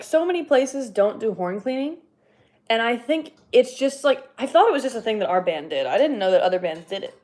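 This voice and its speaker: A woman's voice: a little high, darkish tone, slight background noise. A young woman chatting casually on a livestream while cleaning her horn, rambling with lots of fillers and laughing now and then, a little out of breath. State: slightly out of breath.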